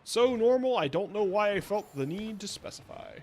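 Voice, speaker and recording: His high, lively voice is a little mellow and runs at normal speed, with a slight hiss or hum on the recording. He's a young VTuber streaming a game, chatty and rambling, laughing often and breaking into silly sing-song asides.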